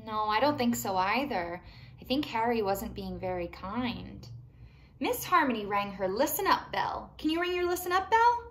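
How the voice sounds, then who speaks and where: Animated woman reading to small kids. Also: on the high side, moderate pace. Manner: animated, asks children questions. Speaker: children's storytime reader. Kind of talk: reading a picture book aloud to young children.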